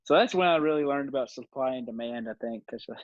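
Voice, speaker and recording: This podcast guest, a man in his twenties, speaks fast in a mid-range voice as he rambles through casual stories, laughing often and leaning on fillers. The lo-fi recording sounds dull and dry.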